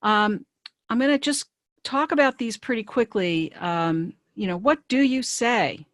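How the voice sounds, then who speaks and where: A woman career coach presenting a webinar in a conversational, brisk way, with frequent fillers and restarts. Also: on the high side, no echo, studio quality.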